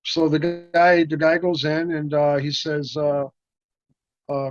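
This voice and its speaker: A man's voice: a little high, unhurried, dry recording. A man being interviewed, rambling as he tells stories and acting out the voices of the people in them. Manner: rambling, animated, acts out quoted voices. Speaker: interview guest, martial arts actor. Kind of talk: casual storytelling. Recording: dry, muffled lo-fi sound.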